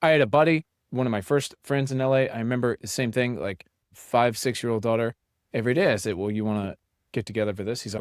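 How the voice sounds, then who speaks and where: A man's voice: medium pitch, quick pace, no echo, studio quality. A middle-aged man co-hosting a podcast, chatting casually and telling stories in a blunt, profane way. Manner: profane, blunt, animated storyteller. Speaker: podcast co-host. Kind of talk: casual chat.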